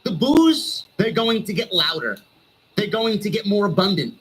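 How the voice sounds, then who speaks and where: A man's voice: high-pitched, big pitch swings, moderate pace, fairly bright tone, slight background noise, low-quality recording. A male streamer delivering a heated, sarcastic wrestling rant full of swearing.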